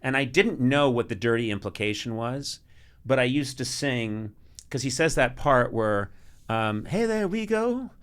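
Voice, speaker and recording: A middle-aged man telling funny stories in casual chat. He is animated, laughs often, and gets loud when he is excited. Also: mid-range voice, measured pace, clean tone. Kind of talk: comic storytelling chat.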